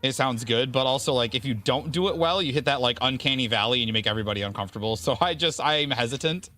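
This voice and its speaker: A man's voice: medium pitch, quick pace, bright, forceful tone. A man streaming a video game, chatting casually and rambling with viewers in a self-deprecating way. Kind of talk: casual gaming stream chat.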